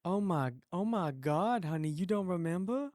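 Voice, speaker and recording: A man's voice: high-pitched, lively intonation, moderate pace, darkish tone, dry recording, studio quality. A man putting on the voice of a sassy, nosy woman caller, drawling pet names on a prank call.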